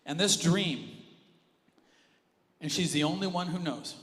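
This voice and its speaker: Animated man preaching in a reverberant church. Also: a little high, a little slow. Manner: animated preaching, swings from hushed to loud. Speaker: pastor. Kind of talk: sermon. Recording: live church audio with long reverb and music underneath. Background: worship music.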